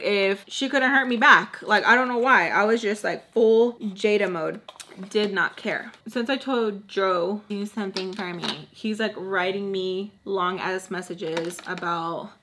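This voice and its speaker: A young woman tells a heated personal story in a casual, animated way, swearing freely and filling her speech with "like". Her voice is bright and forward, at a middle pitch. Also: a little hiss or hum. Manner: animated, profane, quoting others with lots of "like". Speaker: vlogger telling a story. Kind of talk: casual storytime while doing makeup.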